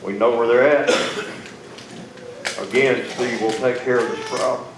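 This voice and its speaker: A man telling an emotional personal testimony to an audience, folksy and plainspoken, with big swings in loudness. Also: mid-range voice, fairly even intonation, a little slow. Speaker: testimony speaker. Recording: echoey room, far mic, noisy.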